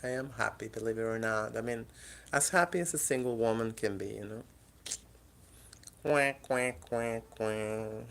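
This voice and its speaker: A woman's voice: extremely low pitch, fairly quick, creaky. A woman chatting casually at home in her apartment, coaxing and teasing her cats in front of a camera. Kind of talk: casual chat to pets at home. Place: apartment indoors. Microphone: camera in the room.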